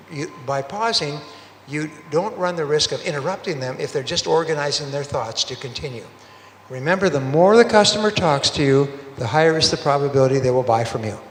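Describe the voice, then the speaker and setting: A man's voice: on the high side, fairly bright tone, a little hiss or hum. A man giving a motivational sales seminar talk, telling stories and acting out bits of dialogue in quoted voices. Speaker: sales speaker. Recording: roomy hall reverb, faint ambience.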